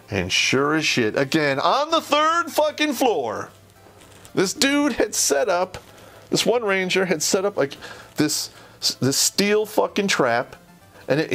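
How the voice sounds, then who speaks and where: A man's voice: a little high, a bit bright. A man hosting a show, telling barracks stories in a blunt, profane, rambling way, full of fillers and swearing. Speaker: podcast host telling army stories. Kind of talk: casual storytelling monologue.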